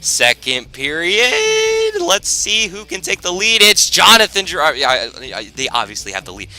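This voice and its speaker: A man commentating his own hockey video game season, excitable and quick to shout at big plays, with rambling asides. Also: sits high, low-quality recording. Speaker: gaming YouTuber.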